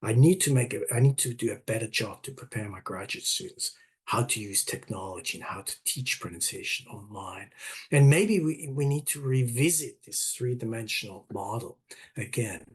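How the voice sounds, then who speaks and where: Husky-voiced man giving an online talk. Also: lowish voice, expressive, normal speed. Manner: hesitant, many restarts and fillers. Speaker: academic presenter. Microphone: video call.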